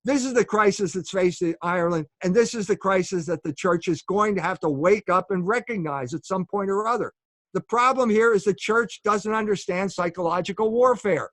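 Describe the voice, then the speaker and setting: A man's voice: high voice, normal speed, a bit bright, no room sound, clean studio sound. A man being interviewed as an author, lecturing emphatically, asking rhetorical questions and checking in with "okay?". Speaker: guest author.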